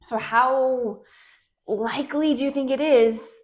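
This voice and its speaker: A woman hosting a casual interview in a medium-pitched voice. She speaks conversationally and reflectively, and she mixes personal memories with curious questions. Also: steady tone, slow. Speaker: host.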